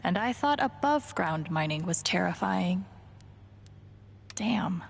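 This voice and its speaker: A woman's voice: on the low side, lively intonation, normal speed, gravelly, slight background noise. A woman streaming a game and making dry, sardonic comments. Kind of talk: casual live commentary while playing.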